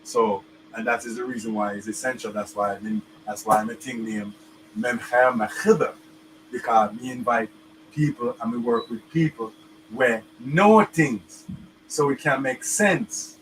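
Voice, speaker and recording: A man's voice: medium pitch, measured pace, fairly bright tone, far from the mic, slight background noise, rough recording. A man, explaining at length in patois phrasing in a casual recorded clip. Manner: patois phrasing, repeats himself.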